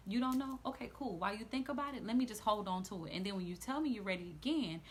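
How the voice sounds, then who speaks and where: A woman's voice: mid-range voice, expressive, fast talker, a little hiss or hum, natural voice. A woman voicing God as a sassy, teasing man who talks in slang and brushes her off playfully.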